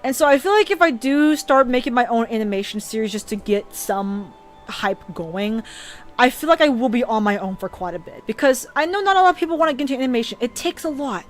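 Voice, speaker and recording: A young woman chats on a live stream in an earnest, unscripted way. Her voice sits a touch high, and she trips over her words and starts sentences again and again. She sounds teary and emotional throughout. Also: expressive, fast, soft background music. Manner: earnest, stammering restarts. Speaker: streamer and animator. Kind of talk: casual live-stream chat.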